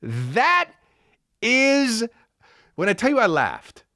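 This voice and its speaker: A man in his thirties hosting a casual comedy podcast, telling a story with lots of profanity, restarts and quick asides. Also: extremely high pitch, huge pitch swings, gravelly, bright, forceful tone, no room sound, studio quality. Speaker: podcast host.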